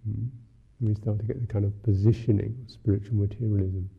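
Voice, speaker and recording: A male Buddhist monk gives a dharma talk in a wry, unhurried, musing way. His voice is husky with a gravelly edge, sitting at an ordinary pitch for a man. The recording is thin and phone-like. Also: steady tone. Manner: musing, unhurried, wry, many "you know" fillers.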